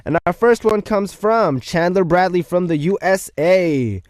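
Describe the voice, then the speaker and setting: A man's voice: high voice, animated, unhurried, darkish tone, dry recording. Playful young male radio host. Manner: playful and chatty, jokes about himself. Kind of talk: casual radio chat reading listener messages.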